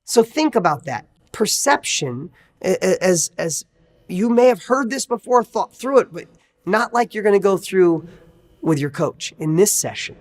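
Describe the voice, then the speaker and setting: A man's voice: high-pitched, sing-song, measured pace. Emphatic male success coach. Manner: emphatic, fires rhetorical questions. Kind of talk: motivational coaching talk.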